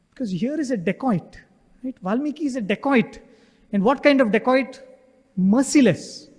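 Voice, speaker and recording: Devotional speaker, male, high voice, earnest storyteller, recorded in a reverberant hall. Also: darkish tone. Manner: earnest storytelling, frequent rhetorical "right?". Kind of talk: devotional talk. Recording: echoey hall with long reverb.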